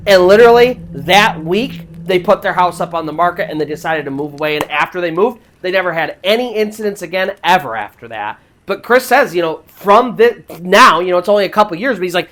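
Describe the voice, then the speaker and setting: A woman's voice: lowish voice, a bit bright. A woman narrating a true paranormal story in a casual, chatty way, with many fillers like "like". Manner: chatty retelling with frequent "like" fillers. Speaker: storyteller host.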